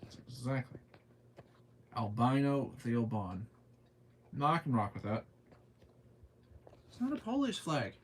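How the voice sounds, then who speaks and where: A man's voice: mid-range voice, huge pitch swings, measured pace, pauses often, a little hiss or hum. A young man with a Southern US accent, chatting casually on a live stream, laid-back and drawling as he answers chat comments with frequent laughter. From southern United States. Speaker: livestreamer.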